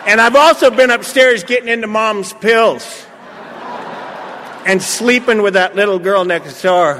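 A middle-aged man telling a funny story at a recovery meeting, full of jokes and lively. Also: high voice, unhurried, noisy background. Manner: joking, animated storyteller. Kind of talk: humorous recovery talk to a live audience. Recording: echoey hall with faint crowd laughter.

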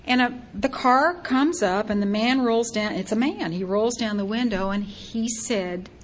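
An older woman sharing her recovery story as a personal testimony, lively and acting out her own past thoughts in quotes. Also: fairly high pitch, a little slow, few pauses, a little hiss or hum.

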